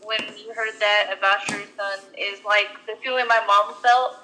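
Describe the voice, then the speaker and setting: A young adult woman co-hosting a podcast speaks at medium pitch and normal speed, fairly even in intonation, with a bright, forceful tone. The rough recording has slight background noise, and she tells her story casually, rambling with many "like" fillers and restarts.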